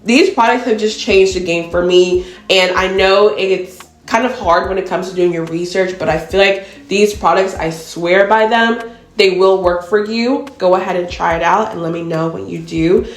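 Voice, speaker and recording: A woman's voice: lowish voice, steady tone, moderate pace, roomy sound, faint music behind. A woman beauty vlogger chatting casually to her viewers, calling them y'all. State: tearful, emotional. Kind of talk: casual chat to camera.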